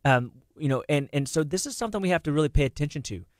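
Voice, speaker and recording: A middle-aged man holds forth on a radio health show. He is lively and quick, full of restarts and repeated words. His voice sits a little high for a man and sounds close and dry at the microphone. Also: no room sound. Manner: animated, talks fast with many restarts and repeated words. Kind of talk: casual radio health talk.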